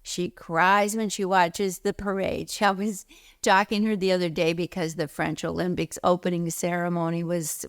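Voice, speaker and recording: A woman giving a spiritual teaching talk, expressive, swinging between emphatic highs and soft near-whispers.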